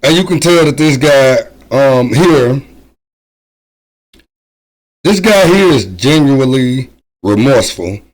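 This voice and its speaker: Man calmly commenting on a video. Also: medium pitch, slow, long pauses, rough recording. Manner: thoughtful, hesitant, many ums. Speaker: reaction video host. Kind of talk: casual commentary.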